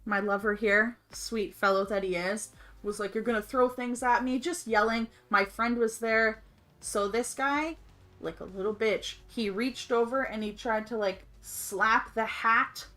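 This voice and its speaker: A woman with a slightly high voice tells a story on a livestream, casual and lively. She uses slang and swears freely. Faint music plays behind her. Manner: animated, colloquial, swears freely. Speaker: streamer's wife, co-host of a gaming livestream.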